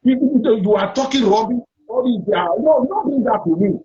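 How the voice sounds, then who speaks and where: A man's voice: very high-pitched, expressive, normal speed, mellow, muffled recording. A man with a Nigerian accent hosting a live call-in debate, confrontational and repetitive, talking over callers. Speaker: host.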